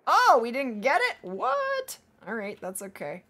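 A woman hosting a hunting-game livestream, chatting casually with viewers and reading their messages aloud, her voice going hoarse from days of streaming. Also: fairly high pitch, huge pitch swings, pushed and bright. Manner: upbeat, chatty, reads chat aloud, quick to laugh. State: losing her voice. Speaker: livestream gaming host. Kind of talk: casual livestream chat while playing.

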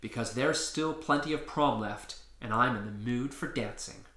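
A man's voice: mid-range voice, normal speed, pushed and bright, roomy sound, natural voice. A man voicing a cheerful teenage girl in a breezy way.

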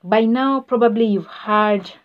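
Female teacher, unhurried and patient, repeats words for learners, mid pitch, dull low-fi recording. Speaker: French teacher. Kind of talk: slow spoken language lesson.

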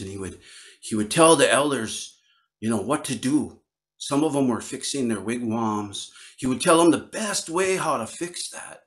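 Laid-back guy telling an old teaching story, chatty, lots of you knows. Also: medium pitch. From Northern Wisconsin. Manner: relaxed, conversational, many fillers. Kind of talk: oral storytelling.

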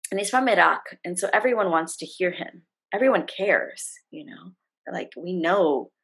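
On a video call, a middle-aged woman who works as a facilitator is a guest in a conversation, warmly and animatedly telling a story from her job and acting out what the people in it said. Her voice is fairly low with a breathy edge, and the audio is poor.

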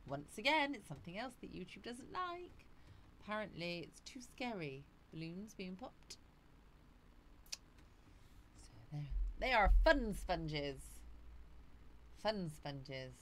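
A woman's voice: on the low side, a little hiss or hum. A woman on a casual livestream, chatting breezily, greeting viewers by name and laughing often. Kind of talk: casual live chat reading out viewer comments.

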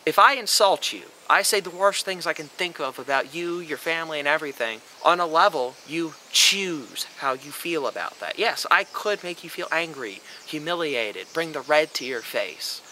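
A man's voice: a little high, lively intonation, normal speed, few pauses, bright, forceful tone, a little hiss or hum, rough recording. A young man delivering an emphatic, lecturing monologue on a vlog, swearing freely as he argues his point. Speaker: vlogger. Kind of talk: opinionated monologue.

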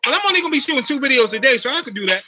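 Very bright, slangy man chatting on stream. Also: very high voice, very fast, faint music behind. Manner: slangy, animated, keeps checking in with "you know what I mean". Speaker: YouTuber live-chatting with viewers. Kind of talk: casual livestream chat.

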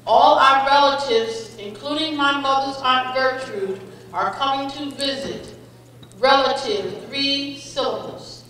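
A woman serving as a spelling bee pronouncer, reading each word with its definition and a sample sentence in a slow, deliberate, encouraging way. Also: high-pitched, fairly bright tone. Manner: slow, deliberate, encouraging, calls contestants "friend". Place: school auditorium. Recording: echoey hall, voice from a distance.

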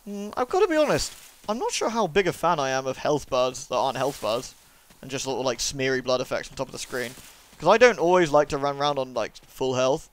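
A man's voice: medium pitch, animated, fairly quick. A young man giving casual, jokey let's-play commentary, swearing and chatting to the game character. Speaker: gaming YouTuber.

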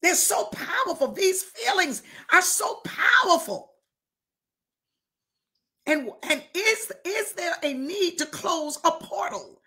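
A woman's voice: sits high, bright, forceful tone. A woman bishop preaching a fervent sermon, firing rhetorical questions and calling out to listeners, sometimes dropping to a whisper.

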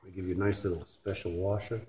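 Working on a transmission rebuild in his repair shop, this Canadian-accented Canadian man makes casual shop talk, joking bluntly and swearing. He talks fast in a low, slightly mellow voice that barely moves in pitch. It's a noisy shop recording.

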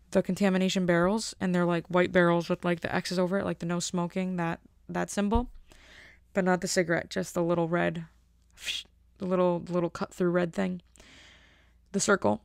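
A woman hosting a podcast, telling a long rambling story in a casual, animated way. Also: fairly low pitch, creaky, no echo, clean studio sound. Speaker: podcast host.

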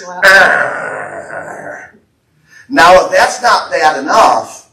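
A pastor with an American accent delivers a fervent sermon in a church sanctuary, passing on prophetic words. He has a slightly high, somewhat bright voice, heard from afar in an echoey church hall.

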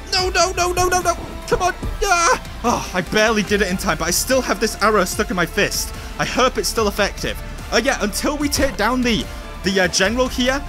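A young man calls his VR fights as he plays them, exclaiming at every hit and teasing his foes. His voice sits high and swings widely, with a bright, sharp edge. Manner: excitable, exclaiming, jokey asides to enemies. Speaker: gameplay host. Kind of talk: excited VR gameplay commentary.

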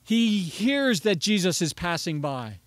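A man's voice: high voice, big pitch swings, unhurried, no echo. A man preaching a sermon as pastor, earnest and rising to emphatic pleading on key phrases.

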